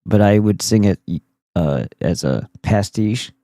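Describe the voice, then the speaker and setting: A low-voiced man rambles through a casual stream, swearing freely and clowning around. His pitch swings wildly as he jokes, and the sound is close and dry. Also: expressive, unhurried, mellow, no room sound. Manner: goofy, profane, rambling. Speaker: streamer host. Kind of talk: casual livestream commentary.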